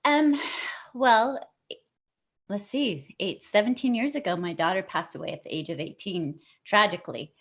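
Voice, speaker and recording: A woman's voice: medium pitch, normal speed, a bit bright. A middle-aged woman being interviewed as a guest author, sharing in an earnest, effusive way that turns tearful at moments. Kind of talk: emotional personal sharing in an online interview.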